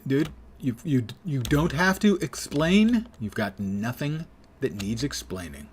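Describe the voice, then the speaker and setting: A man's voice: mid-range voice, expressive, measured pace, a little hiss or hum. A man streaming a game live, chatting and joking casually with his viewers.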